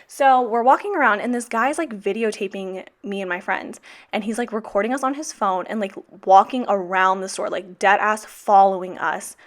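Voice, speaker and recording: A woman's voice: medium pitch, normal speed. A young woman talking through her planner in a casual vlog, blunt and heavily profane. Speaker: teacher vlogger. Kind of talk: casual plan-with-me vlog chat.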